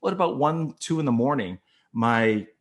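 A man from Minnesota telling an emotional personal story, acting out the voices and swinging from quiet to loud. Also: mid-range voice, moderate pace. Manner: animated, acts out voices, swings from soft to loud.

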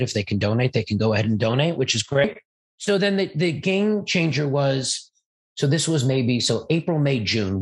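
A man, an event organizer and interview guest, telling a rambling, animated story and acting out quoted dialogue. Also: medium pitch, vocal fry, slightly rough. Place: Los Angeles.

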